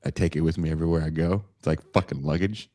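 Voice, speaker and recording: A man hosting a podcast in casual chat, excitable and profane, often laughing as he talks. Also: rumbling low, fast talker, dry recording, clean studio sound. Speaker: podcast host.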